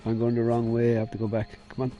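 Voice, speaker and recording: A man's voice: medium pitch, monotone, fast talker, dull audio. A man with an Irish accent giving casual, joking commentary while playing a video game. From Ireland. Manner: joking, chatty, blunt. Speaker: gaming video host.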